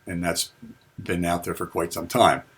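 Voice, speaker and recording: Man, spiritual talk, earnest unhurried storytelling, low voice, breathy edge. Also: little pitch movement, a bit bright. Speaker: spiritual teacher.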